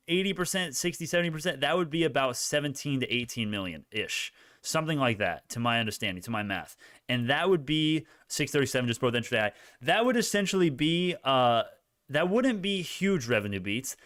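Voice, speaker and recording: A man giving live stock-market commentary, excitable and rambling, with frequent swearing and self-corrections. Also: mid-range voice, dry recording, studio quality.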